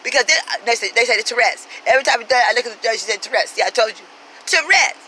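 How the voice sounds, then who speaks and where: A woman's voice: on the high side, very fast, pushed and bright, slight background noise, poor audio. A woman telling a profane comic story in a brash, sassy, street-talking way, acting out everyone she quotes. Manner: brash, swears constantly, acts out every quoted voice.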